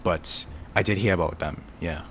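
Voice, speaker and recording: A man's voice: sits low, fairly even intonation, moderate pace, a bit bright, slight background noise. A Trinidadian man casually chatting with his stream audience, rambling and thinking aloud with lots of filler words. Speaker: streamer answering chat. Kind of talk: casual chat.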